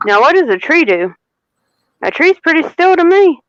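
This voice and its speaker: A woman giving a live tarot reading, unhurried and repeating phrases for emphasis. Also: very high-pitched, big pitch swings, fairly bright tone, muffled recording, a little hiss or hum. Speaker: tarot reader.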